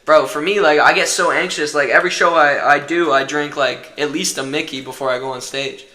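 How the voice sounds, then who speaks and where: Young man, casual podcast talk, rambling with lots of swearing, fairly high and bright, echoey room. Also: steady tone, fairly quick. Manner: rambling, heavy swearing and fillers. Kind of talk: casual chat.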